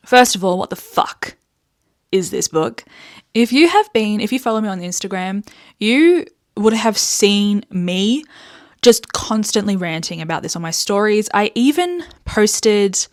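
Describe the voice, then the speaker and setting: A young Australian woman hosting a casual book vlog, animated and sweary as she rants, with frequent laughs. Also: mid-range voice, unhurried. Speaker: book reviewer host.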